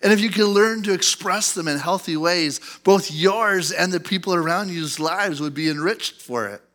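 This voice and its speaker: A male pastor in his thirties preaching a sermon in church, animated and acting out angry outbursts. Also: high voice, moderate pace. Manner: animated, acts out outbursts in a loud put-on voice.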